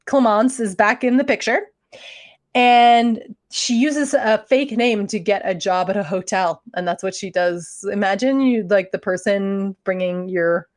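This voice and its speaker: A woman co-hosting a podcast, telling a true-crime story in a casual, joking way and laughing often. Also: on the high side. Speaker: podcast co-host.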